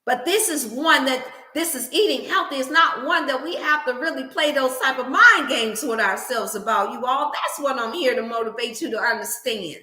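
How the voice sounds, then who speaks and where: A woman with a bright, fairly high voice, preaching motivation and healthy eating like a sermon. Her talk is animated and laced with scripture. The room around her is echoey. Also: normal speed, few pauses. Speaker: wellness channel host.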